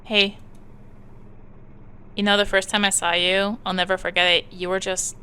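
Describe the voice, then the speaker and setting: A woman's voice: medium pitch, flat delivery, moderate pace, clean tone, natural voice. A woman voicing a hesitant, placating teenage boy in a game. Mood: coaxing. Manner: soft, hesitant, defensive.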